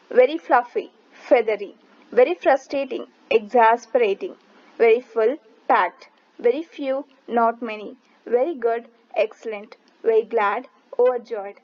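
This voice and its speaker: A woman reading English vocabulary lists as a teacher, in a steady, even rhythm. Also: a little high, vocal fry, lo-fi sound.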